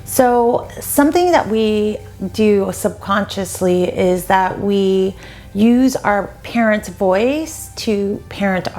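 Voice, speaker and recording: Gentle, encouraging woman dating coach. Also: medium pitch. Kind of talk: advice talk to camera.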